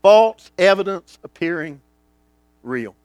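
Animated preacher, high and lively. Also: male voice, slow pace, no room sound. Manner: dramatic swings from booming to hushed, acts out quoted voices. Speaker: pastor. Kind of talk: sermon.

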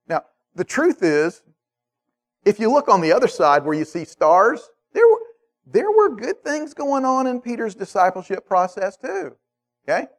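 Preaching with lively, conversational energy, this man speaks unhurriedly in a voice that runs high for a man. He checks in with the congregation again and again, tossing out "okay?" as he goes.

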